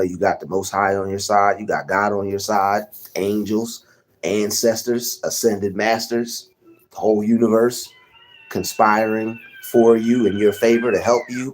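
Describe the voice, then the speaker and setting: A young man hosting a casual livestream, rambling and giving shout-outs to chatters by name. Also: on the low side. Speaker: livestream host.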